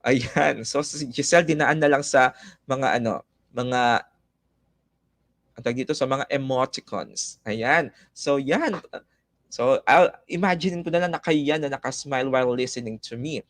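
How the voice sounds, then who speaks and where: A man with a Filipino accent teaching an online class live, switching between Tagalog and English and reading student comments aloud in a lively, coaxing way. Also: mid-range voice, normal speed, no echo. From Philippines.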